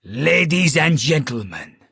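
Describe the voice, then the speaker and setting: A man voicing a boastful Italian stage escape artist, booming slowly in an Italian accent. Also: very animated, creaky, a bit bright, slightly rough, no room sound, clean studio sound, heavily acted. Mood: booming showman. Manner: booming, slow showman delivery. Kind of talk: audiobook character voice.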